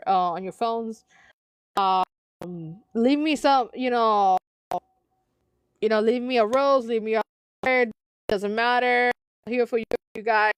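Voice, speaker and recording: A giggly woman reads online posts aloud on her live stream and keeps breaking into laughter as she comments on them. She speaks slowly and unhurriedly, in a fairly high voice. The sound is dry and close, with no room echo. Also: clean tone. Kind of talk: casual reading with live commentary.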